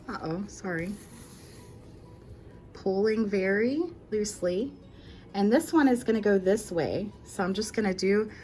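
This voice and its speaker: A woman with a medium-pitched voice hosts a casual crochet tutorial. She walks through each step in a chatty, reassuring way, correcting herself as she goes.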